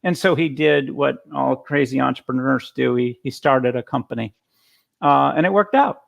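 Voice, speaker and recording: A man's voice: medium pitch, normal speed, vocal fry, lo-fi sound. A man giving a casual conference talk over a video call, telling stories with frequent restarts. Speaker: guest speaker.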